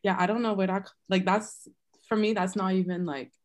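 A woman's voice: mid-range voice, fairly even intonation, a little fast. A young woman with a Canadian-tinged Bahamian accent who thinks aloud in a reflective, chatty way. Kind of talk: casual chat.

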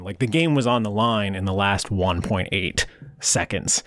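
A man chatting casually as a podcast co-host, an animated storyteller who laughs often. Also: lowish voice, moderate pace, no room sound, clean studio sound. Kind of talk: casual chat.

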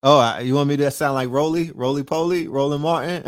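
A man's voice: a little high, brisk, no echo. A man hosting a late-night livestream, brash and profane, constantly asking his viewers rhetorical questions. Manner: profane, brash trash talk; frequent rhetorical asides to viewers. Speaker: livestream host.

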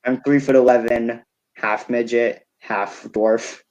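A man's voice: medium pitch, fairly even intonation, takes it slowly, darkish tone, low-quality recording. A young man co-hosting a podcast, telling a rambling story in casual chat and laughing often. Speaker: podcast co-host.

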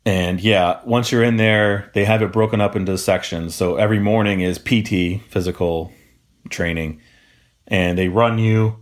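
A man's voice: lowish voice, fairly even intonation, moderate pace. A man co-hosting a podcast, telling stories from his deputy days in a casual, profane, laughing way. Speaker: podcast co-host, former jail deputy.

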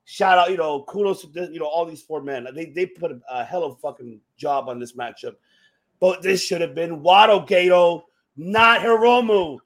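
Excitable, swearing man, high voice. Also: normal speed. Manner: profane, excitable, shouts in frustration. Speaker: podcast co-host. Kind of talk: casual wrestling chat.

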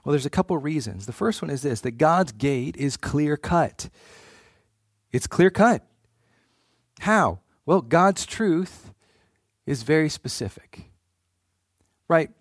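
A man's voice: on the high side, no room sound, studio quality. A man preaching a sermon in an earnest way, often repeating words as he starts a phrase.

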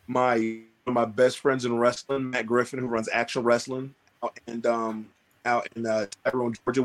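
A man, a pro wrestler, telling a story in a podcast interview, animated and acting out his own lines. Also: mid-range voice. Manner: animated, acts out quotes, swears freely.

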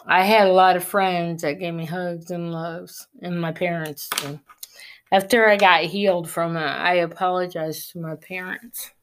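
A woman's voice: lowish voice, steady tone. A woman giving an earnest personal faith testimony, preaching encouragement. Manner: earnest, preachy, slow and deliberate.

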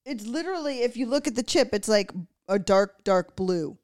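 A woman's voice: on the high side, animated, moderate pace, a little mellow. A woman co-hosting a podcast who talks in a blunt, profane, matter-of-fact way. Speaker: podcast co-host. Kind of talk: casual chat.

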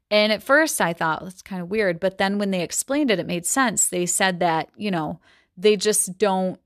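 A woman's voice: fairly low pitch, dry recording, clean studio sound. Chatty woman reading a novel aloud. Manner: chatty, many ums and likes in asides. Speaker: book study podcaster. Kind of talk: reading aloud with casual commentary.

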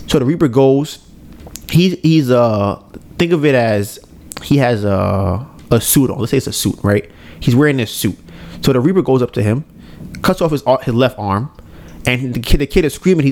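A man hosting a podcast, retelling a scene in a casual, animated way, acting out lines and often adding "right?". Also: medium pitch. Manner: frequent "right?" tag questions. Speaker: podcast host. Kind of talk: casual storytelling recap.

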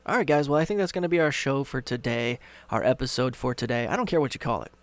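A man's voice: medium pitch, expressive, quick pace. A man hosting a solo podcast into a studio microphone, casual, rambling and sarcastic. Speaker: podcast host.

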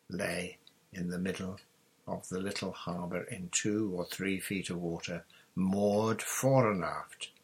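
A man's voice: deep voice, vocal fry, sharp tone, husky. A man reading a children's adventure story aloud as an audiobook narrator, telling it steadily. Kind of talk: scripted narration.

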